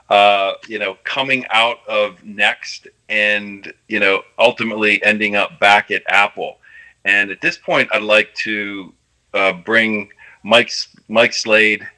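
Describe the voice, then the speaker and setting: A man moderating a panel, introducing the next speaker in a halting way with fillers. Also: lowish voice, fairly even intonation, pushed and bright, poor audio.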